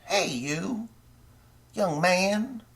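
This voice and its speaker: Man doing a creepy old politician, high quavering voice, wheedling, coaxing. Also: lively intonation, drawn-out words, creaky, a bit bright, full character voice.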